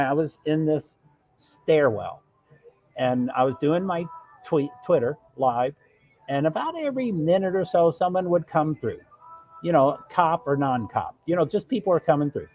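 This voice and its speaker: On his live stream, a man with a highish, animated voice tells a long story at normal speed, breaking off mid-sentence and acting out what others said. It's casual, rambling storytelling, and the recording is muffled with faint music behind.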